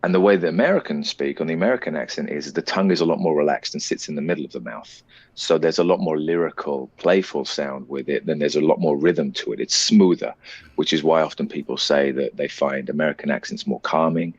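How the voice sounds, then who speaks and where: A British actor talking as an interview guest, explaining his craft at length in a relaxed, reflective way. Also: very deep voice, fairly quick, husky, no echo, dull audio. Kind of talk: casual interview chat.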